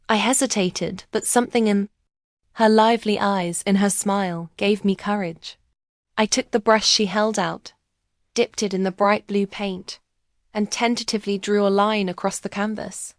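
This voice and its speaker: An older woman narrates a first-person story in a measured, reflective way, her voice sitting at a middle pitch. The recording is dry and close, with no room sound around her. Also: fairly even intonation, no echo.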